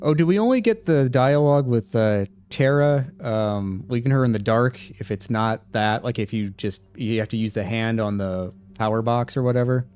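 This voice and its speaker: A man's voice: mid-range voice, normal speed, few pauses, darkish tone, smooth. A man chatting on a live game stream, hesitant and questioning. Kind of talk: casual game-stream chat.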